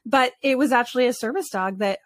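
Chatty higher-voiced woman telling stories. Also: fairly quick, no echo, studio quality. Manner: chatty and expressive, with frequent restarts and laughter. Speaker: animal communicator guest. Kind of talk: casual storytelling interview.

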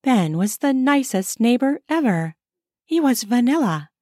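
A woman's voice: on the high side, sing-song, a little slow, darkish tone, dry recording, studio quality. A woman reading her own erotic short story aloud in an intimate first-person style. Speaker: narrator and author.

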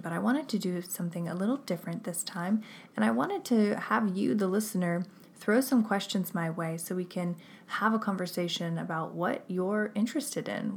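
A woman's voice: fairly low pitch, a little hiss or hum. A woman in her thirties hosting a podcast, talking in an upbeat, chatty way with filler ums. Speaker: podcast host. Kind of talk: casual podcast monologue with ad reads.

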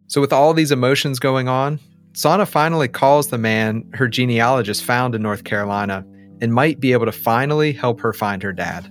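A man's voice: medium pitch, a little fast, faint music behind. A man hosting an interview, reflective and affirming, who often checks in with "right?". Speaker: host. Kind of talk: podcast interview and narration.

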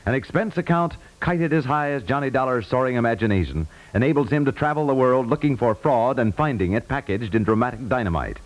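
A man delivering a polished, emphatic 1950s radio promo. His pitch is mid-range but the intonation is lively. It is heard through an old radio broadcast recording. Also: brisk, few pauses, rough recording. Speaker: network announcer.

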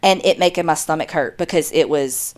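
Animated woman chatting casually. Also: deep voice, brisk. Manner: animated storyteller acting out voices, swearing. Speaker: podcast co-host. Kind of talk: casual chat.

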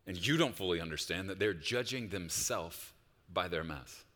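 Male pastor, lively pitch, bright tone, preaching in a big reverberant church hall. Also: normal speed. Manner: swings from hushed reflection to loud, rising exhortation. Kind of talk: sermon.

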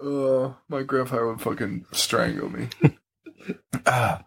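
A man's voice: mid-range voice, wildly swooping pitch, drawn-out words, creaky, pauses often, slightly rough. A young adult man hosting a casual podcast, joking and laughing often, with a slight frog in his throat. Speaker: podcast host.

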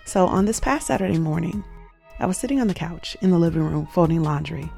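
A woman's voice: on the low side, a little fast, creaky, warm tone, soft background music. A woman hosting a show, earnestly telling a personal faith story, reflective and emotional at its peaks.

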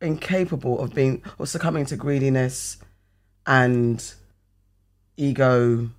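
A man co-hosting a casual podcast chat, talking in an animated, rambling way and swearing casually. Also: mid-range voice, takes it slowly.

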